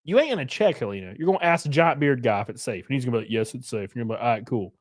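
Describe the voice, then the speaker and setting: A man's voice: medium pitch, animated, racing. A man in his thirties hosting a live stream, chatting casually and joking back at his chat. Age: 30s. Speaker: livestream host.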